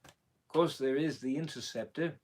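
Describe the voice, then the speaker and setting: A man's voice: medium pitch, moderate pace, a little mellow. A man impersonating a swaggering, rum-loving male pirate captain, chatting on a live stream in playful mock pirate talk. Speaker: character impersonator. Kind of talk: live stream chat in character.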